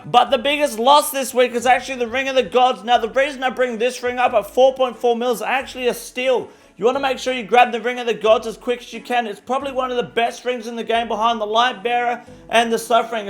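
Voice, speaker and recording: A man putting on a brash, loud market-report anchor. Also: very high voice, voice pushed up. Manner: cocky, profane, ranting. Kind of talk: mock news segment.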